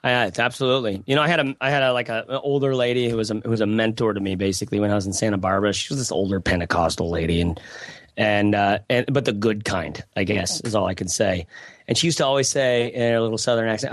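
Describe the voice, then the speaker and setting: A man's voice: lowish voice, fast, no echo. A man talking as a podcast guest in a rambling, reflective way with many restarts. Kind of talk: casual conversation.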